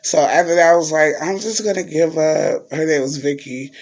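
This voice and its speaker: A man's voice: fairly high pitch, steady tone, moderate pace. A man vlogging in a chatty, casual way, telling a story to his viewers and calling them y'all.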